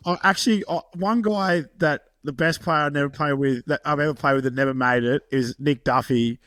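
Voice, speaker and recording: A man with a slightly high voice chats casually, laughing now and then as he tells an anecdote. The sound is dry and close, with no room around it. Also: fairly quick, fairly bright tone, no echo. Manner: chatty, laughing through anecdotes. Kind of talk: casual chat.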